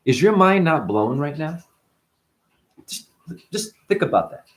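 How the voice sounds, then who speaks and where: A man hosting a casual spiritual monologue, animated and profane, full of rhetorical questions. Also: fairly high pitch, a little slow. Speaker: host.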